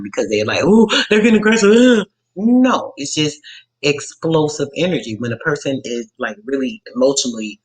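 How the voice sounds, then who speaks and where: The audio is poor as a mid-range-voiced radio show host runs a live stream. He talks casually and at length, loose in manner, dropping fillers and correcting himself along the way.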